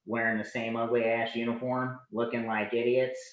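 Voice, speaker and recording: A man in his forties tells a story casually as a podcast guest. His voice has a middle pitch. It is recorded in a roomy space that sounds a little dull and lo-fi. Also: normal speed, slight background noise. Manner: animated anecdotes, acting out dialogue. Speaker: podcast guest, Navy veteran.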